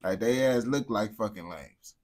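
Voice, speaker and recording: A man's voice: lowish voice, normal speed, a little mellow. A man streaming and reacting to clips in casual, profane, slangy commentary. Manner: blunt, profane, slangy banter.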